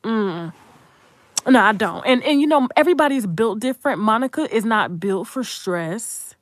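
A woman's voice: a little high, animated, normal speed, no echo. Blunt, profane woman ranting. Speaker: content creator. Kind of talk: unscripted commentary rant.

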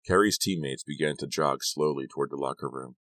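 A man narrating an audiobook in a steady, even storytelling voice. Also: rumbling low, a little fast, no room sound. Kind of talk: scripted narration.

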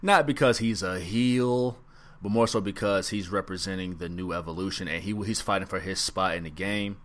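Male podcast co-host, low voice, relaxed and meandering. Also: normal speed. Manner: laid-back, musing, trails off with ums. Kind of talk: casual wrestling podcast chat.

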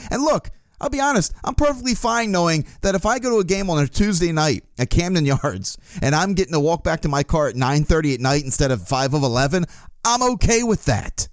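A man's voice: on the high side, lively intonation, fairly quick, dry recording, studio quality. A man hosting a casual sports podcast, opinionated and profane, who gets worked up as he talks. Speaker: podcast host.

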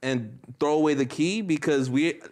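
A man's voice: a little high, moderate pace, a little mellow. A young man co-hosting a podcast, joking around, swearing and laughing with friends in casual chat. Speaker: podcast co-host.

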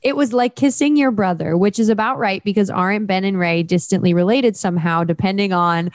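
A woman's voice: mid-range voice, fairly quick, no room sound, clean studio sound. A young adult woman co-hosting a podcast in casual chat, enthusiastic and gushing, with frequent fillers. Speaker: podcast co-host.

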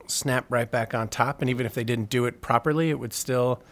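A man's voice: medium pitch, fairly even intonation, a little fast, fairly bright tone. A man, an electronic musician, chatting casually as an interview guest, rambling with lots of fillers and self-deprecating humor.

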